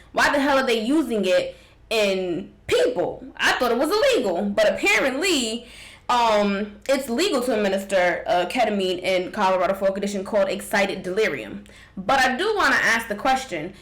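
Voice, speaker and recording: A woman's voice: medium pitch, a bit bright, reverberant, low-quality recording. Woman, vlog host, casual commentary, raw and emphatic straight to camera. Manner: raw, emphatic, talks to viewers directly with slang.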